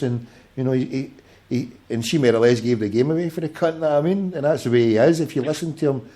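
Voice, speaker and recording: A Glaswegian man in his forties at a home podcast mic, his pitch sitting in the middle of a man's range. He swears constantly and bickers in rough, jokey banter with a caller. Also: fast, mellow. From Scotland. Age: 40s. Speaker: podcast host. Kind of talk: casual call-in chat.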